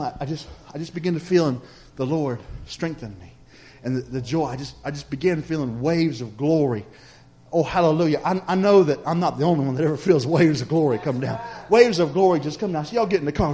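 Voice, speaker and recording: A man's voice: on the high side, expressive, brisk, mellow. A man preaching a sermon, telling a story in a folksy, chatty way and speaking straight to the congregation.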